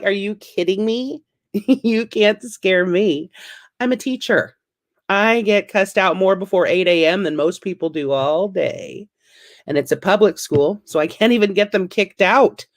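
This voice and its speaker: A woman's voice: mid-range voice, measured pace. A woman in her thirties doing a stand-up comedy set, wry and self-deprecating, with punchy delivery.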